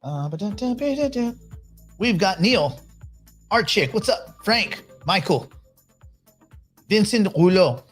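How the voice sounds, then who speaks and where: A man's voice: high voice, lively intonation, takes it slowly, long pauses, a bit bright, husky, faint music behind. A man hosting a casual livestream, giving blunt, opinionated commentary and greeting viewers by name as they join. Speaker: livestream host reading chat.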